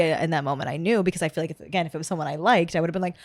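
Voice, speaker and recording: A woman hosting a podcast, chatting casually and telling stories with swearing and lively bursts. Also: low voice, racing, a little hiss or hum. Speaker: podcast host. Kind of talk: casual chat.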